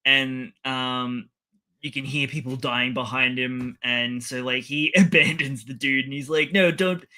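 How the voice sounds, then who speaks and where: Brief: bright-voiced podcast co-host, rambling casual recap, laughs a lot. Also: male voice, mid-range voice, level tone, unhurried. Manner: rambling, laughs often, acts out the lines. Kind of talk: casual chat recapping an anime episode.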